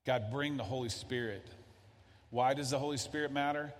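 A man's voice: medium pitch, normal speed. Man preaching in a reverberant hall. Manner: conversational preaching, acting out dialogue. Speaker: pastor. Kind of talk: sermon.

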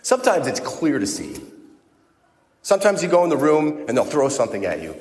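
A man's voice: a little high, huge pitch swings, fairly quick, darkish tone. A male priest giving a conversational sermon, with frequent restarts. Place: church. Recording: church with long reverb.

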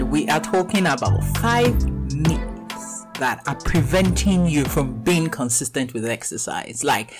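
Her voice is deep and the recording is low quality. She's a woman in her thirties with a Nigerian accent who hosts a casual podcast and coaches fitness, telling animated stories full of laughter and acted-out dialogue.

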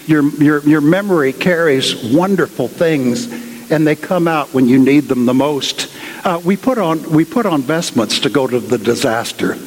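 A man preaching in a large cathedral, retelling a story in a conversational way full of asides. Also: a little high. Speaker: guest speaker at a cathedral. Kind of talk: storytelling sermon. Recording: long cathedral reverb.

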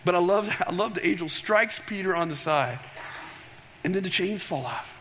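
A man preaching a sermon, animated and storytelling, tossing questions to the congregation. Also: high-pitched, moderate pace, a little hiss or hum. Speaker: pastor. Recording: long reverb of a large hall.

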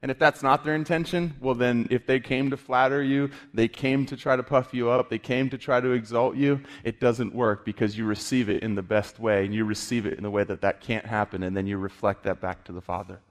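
A man preaching a conversational sermon as pastor, with frequent halting restarts, moving into prayer. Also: medium pitch, steady tone, big-room sound.

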